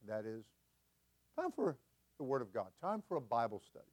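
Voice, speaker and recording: An older man preaching as senior pastor, folksy and chuckling, building to loud emphatic peaks. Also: mid-range voice, very animated, normal speed. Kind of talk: sermon.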